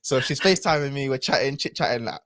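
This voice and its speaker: A man's voice: mid-range voice, fast, fairly bright tone, no room sound, clean studio sound. A man, a podcast guest telling a personal story in a casual, reflective way with lots of fillers and restarts.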